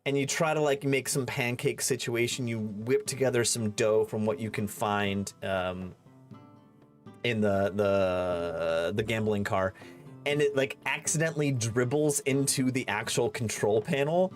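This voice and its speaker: A male game master narrates a tabletop game in a mid-pitched voice, filling his descriptions with fillers and restarts. His delivery is loose and conversational. Faint music plays behind. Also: a little slow.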